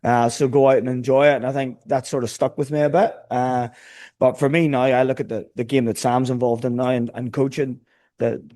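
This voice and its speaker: Fast-talking male sports co-host. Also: medium pitch, level tone, warm tone, dry recording, studio quality. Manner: quick, chatty anecdotes. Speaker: podcast co-host, former footballer. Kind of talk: casual sports chat.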